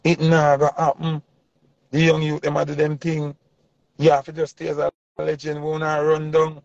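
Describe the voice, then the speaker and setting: Gravelly Jamaican man ranting passionately. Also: on the high side, monotone, brisk, darkish tone, dry recording. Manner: passionate, preachy, Patois-heavy rant. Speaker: vlogger. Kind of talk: ranting commentary. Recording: dull lo-fi dry sound.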